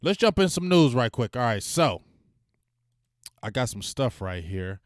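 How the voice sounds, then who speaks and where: A man hosting a casual sports livestream, talking in loose slang, venting and giving loud shout-outs. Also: medium pitch, big pitch swings, unhurried, dry recording, studio quality. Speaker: sports talk stream host.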